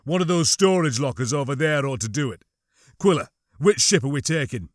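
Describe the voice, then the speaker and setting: A man's voice: on the high side, expressive, a little fast, no room sound, clean studio sound, close to an everyday voice. A man voicing a bold, decisive male soldier who leads his group in a firm, commanding way.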